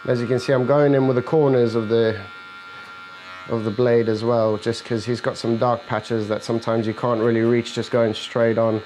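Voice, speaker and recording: Indoors at a barbershop, a barber with a medium-pitched, darkish voice narrates a fade haircut tutorial while he works, explaining each clipper guard and angle plainly at a normal speed in a flat delivery. He trades easy jokes with his client in the chair. A faint electric-clipper buzz and slight background noise sit under a rough recording.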